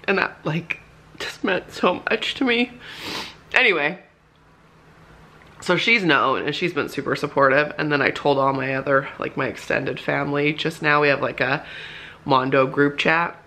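A woman's voice: sits low, moderate pace, pushed and bright. A young woman vlogging casually from her home office, chatty and emotional, with lots of "like" fillers. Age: young adult. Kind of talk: casual vlog chat. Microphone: handheld camera.

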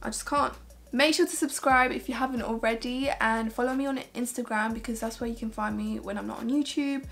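A woman beauty vlogger talks casually to camera, gushing about products. Her voice sits a little high, and her speech is loose and full of "like"s. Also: fairly even intonation, a little fast, vocal fry, a bit bright. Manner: chatty and gushing, many filler "like"s. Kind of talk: casual makeup review to camera.

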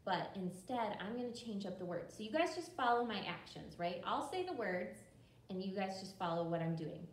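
A woman's voice: mid-range voice, big pitch swings, a little hiss or hum. Distant, echoey librarian woman leading songs. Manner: slow, bright and encouraging, talks to children at home. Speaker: children's librarian. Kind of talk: children's storytime with action songs. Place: library room. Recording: roomy echo from a distant camera.

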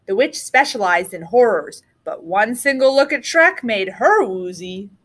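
A woman teacher reading a picture book aloud to children with expressive storytelling. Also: medium pitch, measured pace.

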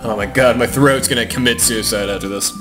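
A man's voice: mid-range voice, a little fast. A man giving sarcastic, profane, rambling commentary while playing through a game. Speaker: gaming commentator. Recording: game music behind.

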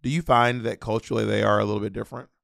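A man's voice: fairly low pitch, level tone, creaky, a bit bright, no echo, studio quality. A man co-hosting a podcast in a playful, teasing casual chat. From Southern United States. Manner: teasing, quick-talking, playful. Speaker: podcast co-host.

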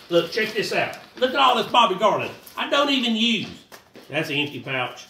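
A man's voice: high voice, moderate pace, far from the mic. A man, rambling casually through a fishing how-to vlog and talking straight to his viewers. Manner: rambling, animated, talks to viewers as y'all. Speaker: fishing vlogger. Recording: roomy echo, voice a bit off-mic, faint noise.

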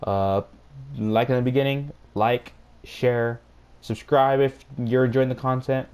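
This young gaming YouTuber's mid-range voice is clean in tone, fairly even in intonation and unhurried. He keeps up casual, profane commentary on a video game for his viewers, reacting aloud with laughs over game music.

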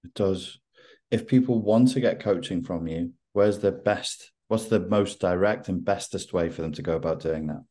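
A male host with a very low, deep voice, leading a casual interview. His tone turns jokey and teasing with his guest. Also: normal speed, warm tone.

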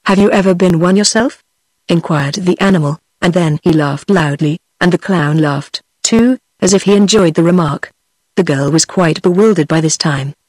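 A text-to-speech voice of a woman with a British accent, narrating a fairy-tale audiobook in an even, steady way. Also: sits low, moderate pace, husky, no echo.

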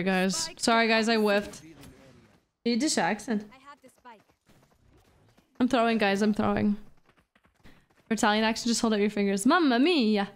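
A woman streaming a shooter game, chatting casually with her viewers, reading chat aloud and swearing between plays while feeling a bit unwell and low on energy. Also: a little hiss or hum. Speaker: VTuber streamer.

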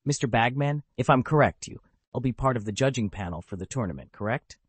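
A man narrating an audiobook, voicing a poised and polite teenage boy wizard in a calm, assured manner. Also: medium pitch, a little fast, breathy edge, no room sound. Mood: composed.

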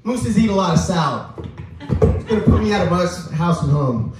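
A man performing a crude, rambling stand-up set at a small bar, halting and restarting often. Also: high-pitched, lively intonation, noisy background. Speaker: open mic comedian. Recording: echoey room heard from far off.

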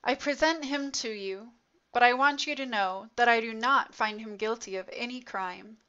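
A woman reading the words of an uneasy male governor who speaks slowly and insistently. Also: on the high side, bright, forceful tone. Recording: dull lo-fi recording.

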